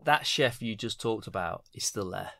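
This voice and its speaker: A man's voice: lowish voice, lively intonation, normal speed, gravelly, pushed and bright, a little hiss or hum. Blunt, reflective man in his fifties. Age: 50s. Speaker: chef guest. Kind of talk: podcast interview.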